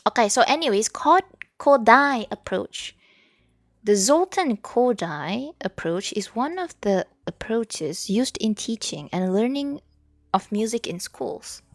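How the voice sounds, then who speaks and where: Young Malaysian woman streamer, chatty and giggly; higher, animated voice, slow unhurried delivery. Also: dry recording, studio quality. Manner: chatty, giggly, mixes languages mid-sentence. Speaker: VTuber streamer. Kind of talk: casual livestream chat while studying.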